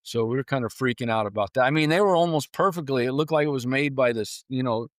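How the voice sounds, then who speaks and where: A man's voice: medium pitch, quick pace, dry recording, studio quality. A man telling ghost-hunting stories casually as a podcast guest, acting out his own reactions as he goes. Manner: animated storyteller, acts out his own reactions. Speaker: paranormal investigator guest.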